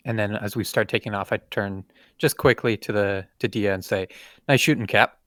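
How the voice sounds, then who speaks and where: A man's voice: lowish voice, fairly even intonation, moderate pace, fairly bright tone, no room sound, studio quality. A man playing a tabletop game, working out his moves hesitantly as he talks. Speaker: player. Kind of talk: casual tabletop game play.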